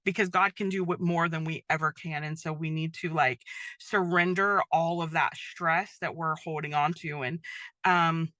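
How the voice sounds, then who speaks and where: A middle-aged woman hosts a faith podcast in a chatty, rambling way, full of "um" and "like." Her voice is bright and forward, recorded close and dry with no room sound. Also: low-pitched, steady tone, moderate pace, no echo. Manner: chatty, many fillers like "um" and "like". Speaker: podcast host. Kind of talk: casual faith-based podcast monologue.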